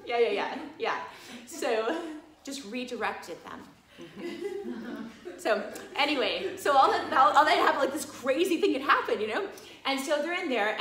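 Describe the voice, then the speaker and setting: A woman's voice: a little high, normal speed. A woman teaching at a massage college, telling a story casually with lots of fillers and bursts of laughter. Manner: animated, laughing, many fillers like "you know". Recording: echoey room.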